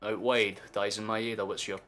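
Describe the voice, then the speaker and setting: A young man commentating a football match live for his stream as a fan, sweary and excitable, erupting into shouts. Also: on the low side, normal speed.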